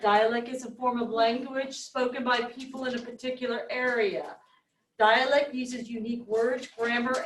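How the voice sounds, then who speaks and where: A woman's voice: fairly high pitch, a little hiss or hum. A woman teacher leading a reading lesson, explaining step by step and asking the class questions. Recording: echoey classroom, mic at a distance.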